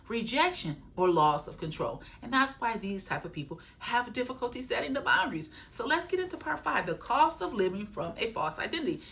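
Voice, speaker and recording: A woman's voice: a little high, fairly bright tone. A woman trauma therapist teaching to camera, repeating her points and checking in with listeners.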